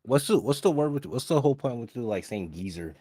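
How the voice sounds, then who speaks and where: A man's voice: medium pitch, expressive, quick pace, warm tone, slightly rough, dry recording. A man calling into a stream, teasing and drawling with hesitant fillers, heard over distant voice-call audio. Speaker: caller. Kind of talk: casual chat over a voice call.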